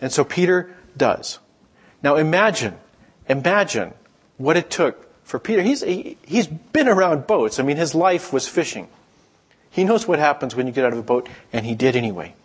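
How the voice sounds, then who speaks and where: A middle-aged man giving a sermon in a relaxed, conversational storytelling way, sometimes acting out the voices of people he quotes. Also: fairly high pitch, moderate pace, slightly rough. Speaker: pastor.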